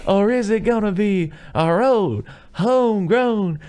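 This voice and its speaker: A man's voice: high voice, animated, takes it slowly, darkish tone, clear, resonant tone, voice pushed up. A man voicing a male festival announcer, drawing out his words in a showy way. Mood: hyped. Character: booming slow adult male festival announcer.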